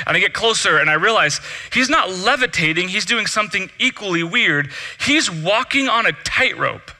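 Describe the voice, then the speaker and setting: A pastor delivers his sermon as a lively, humorous story, slipping into the voices of the people in it. His voice is high for a man and strikingly bright and forceful. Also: moderate pace, hardly any pauses. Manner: humorous storytelling with acted-out dialogue.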